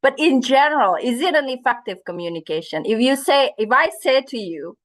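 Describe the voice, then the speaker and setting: A woman's voice: sits high, expressive, fairly quick, hardly any pauses. Woman teaching an online class. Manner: interactive, asks questions, switches into Indonesian phrases. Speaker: lecturer. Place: video call.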